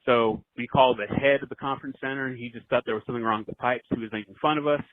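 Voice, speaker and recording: Caller, man in his forties, earnest halting storyteller, tinny phone line. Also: medium pitch, fairly even intonation, dry recording. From Southern California. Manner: earnest, halting, many fillers. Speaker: voicemail caller. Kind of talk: storytelling voicemail.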